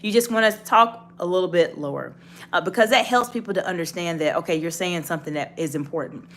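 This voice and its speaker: A woman's voice: lowish voice, fast, a bit bright. A woman giving a leadership coaching lesson, talking straight to the viewer in an encouraging, instructive way. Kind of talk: direct-to-camera coaching talk.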